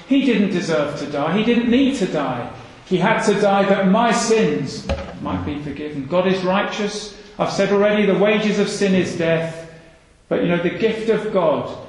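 A man preaching a sermon, earnest and full of rhetorical questions, repeating his phrases for emphasis. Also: sits high. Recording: echoey hall reverb.

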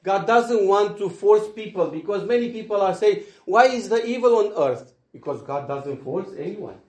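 An earnest man delivers a sermon, his voice sitting a little high. He swings between loud, emphatic lines and soft, hushed asides. The sound carries the echo of a roomy space. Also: lively intonation, normal speed. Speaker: preacher. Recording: echoey room.

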